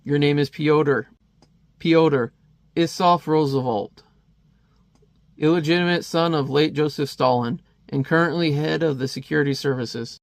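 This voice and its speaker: A man reading the lines of a grim, vengeful male vigilante from a comic, in a cold, measured, threatening way. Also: fairly high pitch, no room sound, clean studio sound.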